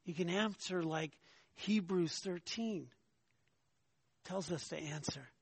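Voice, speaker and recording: A man delivering a sermon in a fairly high voice, emphatic and insistent. He keeps checking in with the congregation and climbs in pitch as he presses a point. The sound is dry and close, with no room echo. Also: slow pace, creaky, breathy edge. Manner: emphatic preaching, asks "right?" often, rises in pitch when arguing. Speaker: pastor.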